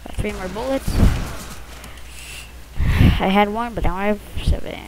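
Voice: medium pitch, unhurried, background noise. A first-time gamer commentating their own shooter match in a casual, rambling, self-conscious way, with muttered asides, recorded at home on a close mic that the lips bump.

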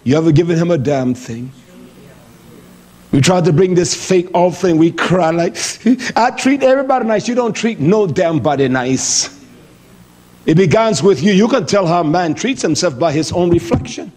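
A middle-aged man preaches a sermon in a blunt, lively way, leaping between high exclamations and low mutters. His voice is slightly rough, at a moderate pace.

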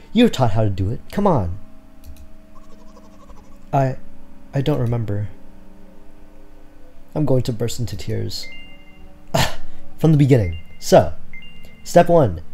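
A man's voice: medium pitch, warm tone. A man playing through a story game and reading its dialogue aloud in an awkward, self-deprecating way, over faint game music. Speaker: let's player.

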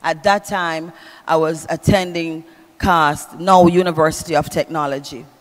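A woman's voice: deep voice, fairly even intonation, measured pace. Woman preaching a funeral eulogy. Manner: sing-song preaching cadence, calls to the congregation. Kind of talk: funeral eulogy with scripture reading. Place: church. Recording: long church reverb with music.

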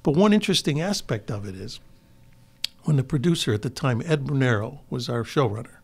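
An older man from Chicago, appearing as a guest actor, tells rambling anecdotes in an easygoing interview, often restarting. His medium-pitched voice is animated, brisk, gravelly, and slightly rough.

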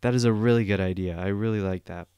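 A man's voice: fairly low pitch, quick pace, clean tone, dry recording, clean studio sound. Profane rambling male podcast host. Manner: profane, rambling, animated storytelling. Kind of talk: solo podcast rant.

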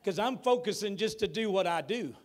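Pastor, man, fairly high voice, preaches with stretched words and loud emphatic bursts. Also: expressive, a little fast. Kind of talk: sermon. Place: church sanctuary.

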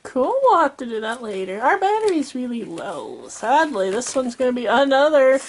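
Woman, high voice, very lively pitch, chatty, laughs easily, casual home co-host. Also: moderate pace. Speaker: co-host of a family unboxing video. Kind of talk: casual chat.

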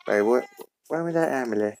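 A young man dubbing a fan comic and reading every part himself, with stumbling, halting lines and many restarts. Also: mid-range voice, lively intonation, gravelly, a little mellow. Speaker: voice actor doing all the parts.

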